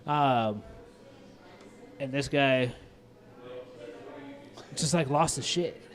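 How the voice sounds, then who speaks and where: A man's voice: medium pitch, extremely slow, fairly bright tone. A man with a Midwestern American accent, a restaurant owner and chef, telling stories in casual chat, swearing freely and acting out both sides of arguments. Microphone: lapel mic.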